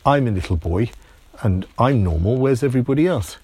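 A man voicing an excitable young English boy who talks in a high, eager, bewildered way. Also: brisk, slightly rough, dry recording.

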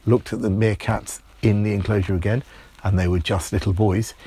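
A man telling an improvised bedtime story in a lively, playful way. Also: fairly low pitch, normal speed, slightly rough.

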